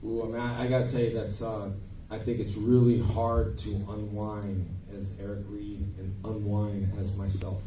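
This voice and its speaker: A man telling stories as a guest on a convention panel, in an animated, emphatic way with bursts of volume, recorded on a phone from the audience. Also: fairly low pitch, normal speed, noisy background. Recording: echoey hall, phone from far off.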